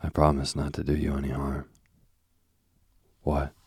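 A man's voice: extremely low pitch, completely flat delivery, unhurried, darkish tone, breathy edge, dry recording, heavily acted. A man voicing a boastful, coaxing king of the underworld in a bedtime story reading. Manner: wheedling, grandly boastful.

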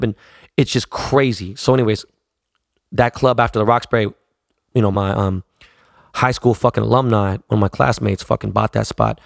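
A man's voice: medium pitch, steady tone, a little fast, gravelly, no echo, clean studio sound. A man in his forties casually telling long rambling stories, full of slang and swearing. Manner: profane, rambling, slangy storytelling. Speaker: podcast host telling stories. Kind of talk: casual storytelling.

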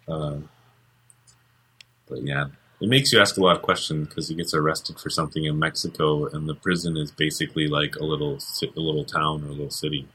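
A man's voice: very deep voice, steady tone, a little fast, bright, forceful tone, slightly rough. A man co-hosting a podcast in casual chat, rambling and joking with lots of fillers. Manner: rambling, jokey, many fillers. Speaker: podcast co-host.

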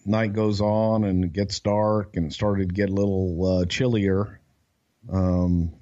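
A man's voice: sits low, flat delivery, a little slow, warm tone, lo-fi sound. A man co-hosting a podcast, telling a backstage story in a rambling, profane way with lots of restarts. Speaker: podcast co-host. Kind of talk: casual storytelling chat.

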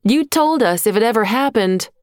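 A woman voicing an anxious, insistent middle-aged neighbor in a storybook reading, speaking fast and pressing. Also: on the high side, expressive, dry recording, clean studio sound, voice pushed up, lightly acted.

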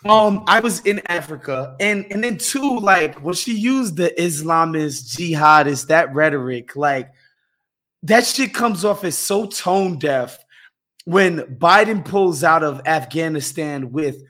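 A man's voice: fairly high pitch, animated, slow, fairly bright tone. A man co-hosting a casual political podcast, blunt, profane and dismissive. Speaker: podcast co-host.

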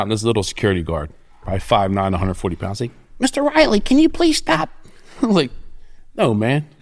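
A middle-aged man, telling stories as an interview guest in a profane, cocky way. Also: on the low side. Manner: profane, cocky, animated storyteller. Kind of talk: casual storytelling.

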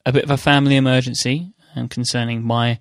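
A man's voice: medium pitch, level tone, quick pace, no room sound, studio quality. A man hosting a podcast, chatting in a friendly, teasing way. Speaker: podcast host. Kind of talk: casual chat.

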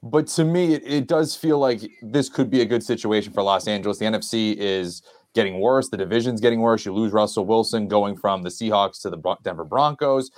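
A man appearing as a guest on a casual sports podcast, breaking things down with quick, confident analysis. He talks at a brisk clip in a low voice.

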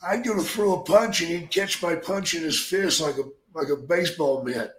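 An older man telling profane stories in casual chat, with a gruff manner and loud acted-out quotes. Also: on the high side, moderate pace. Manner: gruff, swears constantly, acts out quotes loudly. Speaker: podcast guest, storyteller. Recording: echoey room.

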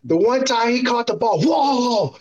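A man on a remote call chatting casually as a guest analyst, animated and acting out his own reactions. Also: extremely high pitch, unhurried, muffled recording. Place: standing at a TV studio.

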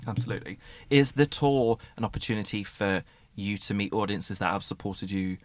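A man's voice: on the low side, a little fast, no echo. A man hosting a podcast interview, asking long, eager, rambling questions. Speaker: podcast host. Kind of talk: conversational interview.

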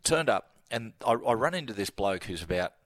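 A man's voice: on the low side, big pitch swings, a little fast, fairly bright tone, dry recording. An Australian man, a sports commentator guest, telling a laughing story in casual radio chat. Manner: yarn-spinning, laughing storyteller.

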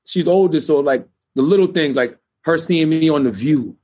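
A man from South Carolina, a radio host guesting on an interview, talking in a relaxed, chatty way. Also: a little high, moderate pace, a little hiss or hum. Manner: relaxed, chatty, many fillers like "you know". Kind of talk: candid interview conversation.

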